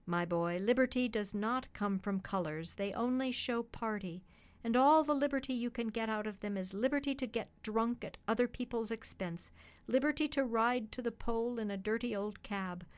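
A woman reading the part of a principled working cab driver, a father who speaks gravely and firmly. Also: on the high side, close to an everyday voice. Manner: grave, firm and earnest. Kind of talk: reading a children's classic on radio.

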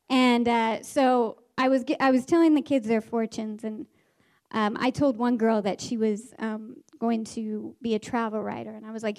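A woman, a former teacher, tells a story from her classroom. Her voice sits a little high. She tells it in a lively, animated way, slipping into the voices of the people in the story. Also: normal speed. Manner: animated, acts out the characters' voices.

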